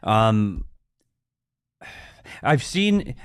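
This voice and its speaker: A man's voice: fairly low pitch, big pitch swings, drawn-out words, clear, resonant tone. A middle-aged man co-hosting a sports podcast, talking in a casual, teasing way with exaggerated emphasis. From United States. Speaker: podcast co-host.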